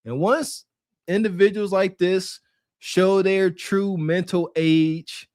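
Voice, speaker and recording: A man co-hosts a podcast with casual, mocking commentary and laughs often. His voice sits high for a man, and the recording is close and dry with no room sound. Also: fairly even intonation, takes it slowly, a little mellow, dry recording. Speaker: podcast co-host.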